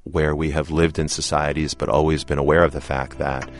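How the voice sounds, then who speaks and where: Very deep-voiced man, earnest guest. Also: flat delivery, a little fast. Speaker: interview guest. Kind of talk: measured interview answers.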